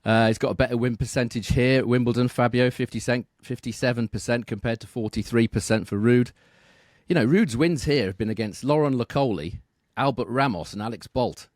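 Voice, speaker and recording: A man talking tennis betting on a podcast, steady and measured, reeling off statistics and asking tag questions. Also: mid-range voice, no room sound, studio quality. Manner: measured, reels off stats, asks tag questions. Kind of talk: casual podcast analysis.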